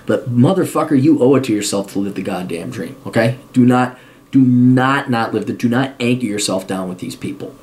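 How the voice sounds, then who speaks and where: An American man with a mid-range, slightly mellow voice talks a little fast as a host answering a viewer's question. He rants to the camera with blunt, profane advice, swearing heavily and repeating his points for emphasis.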